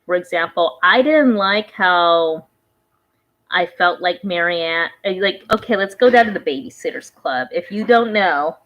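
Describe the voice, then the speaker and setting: A woman's voice: on the low side, expressive, unhurried, dull audio. A woman vlogger giving casual reaction commentary, rambling and conversational, often trailing off and restarting her thoughts.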